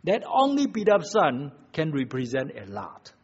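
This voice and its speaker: A man's voice: fairly high pitch, huge pitch swings, unhurried, breathy edge. A man preaching a sermon, emphatic and full of rhetorical questions, in slightly non-native phrasing. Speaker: pastor. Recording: dull lo-fi recording.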